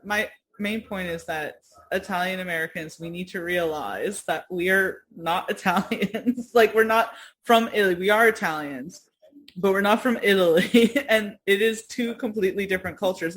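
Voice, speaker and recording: A woman's voice: medium pitch, normal speed, rough recording. New woman co-host, chatty, laughs a lot, swears casually. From New York. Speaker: podcast co-host. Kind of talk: casual chat.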